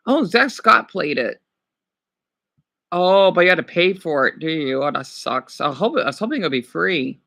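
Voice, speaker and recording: A man's voice: fairly high pitch, expressive, moderate pace, gravelly, pushed and bright. A man streaming casually, reading quiz questions aloud and reacting with exclamations while he talks back to his chat.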